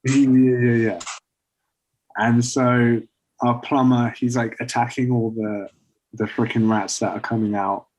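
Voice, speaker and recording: A man casually pitching a story idea to friends, rambling with lots of fillers. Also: flat delivery, a little slow, a little mellow, rough recording. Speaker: podcast co-host pitching a story. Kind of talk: casual chat.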